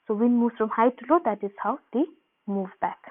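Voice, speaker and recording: A woman geography teacher, giving a recorded class lecture in an explanatory manner, restating points and pausing with "uh" and "um". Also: on the high side. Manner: explanatory, repeats points, frequent "uh" and "um". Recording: tinny phone-like audio.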